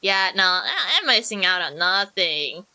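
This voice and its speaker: A woman's voice: medium pitch, sing-song, measured pace, sharp tone. A young woman streaming a game, chatting in a rambling, jokey way and answering her chat. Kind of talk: casual gameplay commentary.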